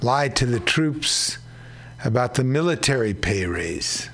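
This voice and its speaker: A man hosting a community radio show, talking slowly and conversationally about labor news. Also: medium pitch, lively intonation, fairly bright tone, slight background noise. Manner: slow, unhurried, conversational. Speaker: radio host.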